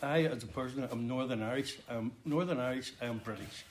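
A man's voice: mid-range voice, a little fast. A man insists on his answers in a street interview and repeats himself. Faint clicks and noise sit behind him.

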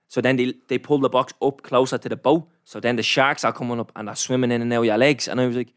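A man's voice: medium pitch, fairly even intonation, quick pace, hardly any pauses, no echo, clean studio sound. A young Irish man telling a rambling travel story in casual chat, slangy and sweary. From Ireland.

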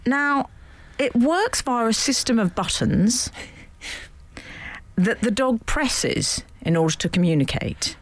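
A woman's voice: a little high, big pitch swings, takes it slowly, no echo. A woman hosting a radio show, telling a story in a playful, giggly way in casual studio chat. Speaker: radio host. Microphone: studio microphone.

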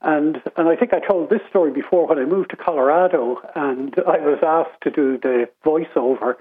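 A middle-aged Irish man on a radio show, telling stories in a relaxed, chatty way. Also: fairly high pitch, normal speed, breathy edge. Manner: chatty anecdotal storytelling. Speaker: radio panelist. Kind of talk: casual radio chat. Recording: tinny phone line.

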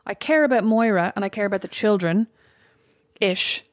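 A woman's voice: medium pitch, moderate pace, no room sound, studio quality. A woman in her thirties with an Irish accent, co-hosting a podcast with wry, teasing banter. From Ireland. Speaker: podcast co-host. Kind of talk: casual chat.

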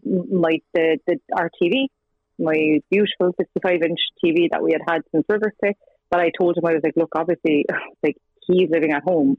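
A woman's voice: low voice, breathy edge, no room sound. An Irish woman telling her story as an interview guest, chatty, acting out quoted dialogue and laughing between lines. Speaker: guest, former partner of the subject. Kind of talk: casual interview over the phone. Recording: dry tinny phone line.

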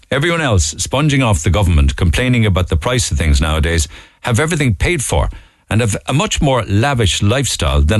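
A middle-aged man with a Cork accent hosts a radio phone-in. His low voice rises and falls with lively swings, and he keeps it chatty as he reads listener texts. The studio sound is dry and close. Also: no echo. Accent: Irish, Cork. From Ireland. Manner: chatty, conversational, reading lists with asides. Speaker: radio show host.

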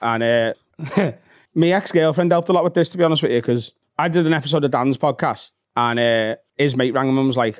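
A Scouse man in his thirties rattles through his stories at a quick clip, swearing freely and acting out little scenes. His voice sits at a middling pitch. It is recorded close and dry, with no room sound. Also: dry recording. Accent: Liverpool (Scouse). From Liverpool, England. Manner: fast, sweary, animated storytelling. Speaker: stand-up comedian, podcast guest. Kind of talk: casual chat.

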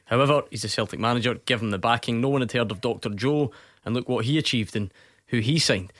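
A man hosting a radio sports phone-in, brisk and teasing, often laughing. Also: medium pitch, fairly bright tone, no echo, studio quality. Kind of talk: casual radio chat. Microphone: studio microphone.

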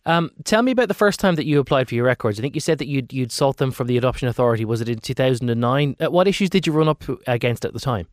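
An Irish man hosting a radio interview, asking measured, probing questions. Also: mid-range voice, animated, no room sound, clean studio sound. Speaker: radio host.

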